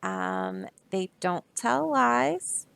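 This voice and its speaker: Gravelly-voiced woman reading a picture book. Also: fairly high pitch, huge pitch swings, very slow. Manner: explaining, chatty asides, soft laughs. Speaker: storybook reader.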